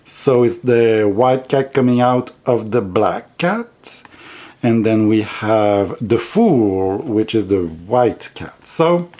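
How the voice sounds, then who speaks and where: Animated, giggly man with a heavy accent. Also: on the low side, takes it slowly. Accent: heavy non-native English accent. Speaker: tarot vlogger. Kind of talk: casual chatty monologue.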